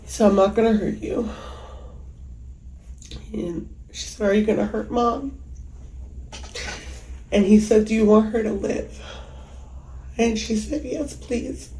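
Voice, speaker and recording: Woman telling what happened, slow and halting, warm dark voice, echoey room w/ faint hum. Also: a little high, fairly even intonation. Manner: halting, hesitant, with many pauses. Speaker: mother recounting a killing. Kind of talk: emotional interview testimony.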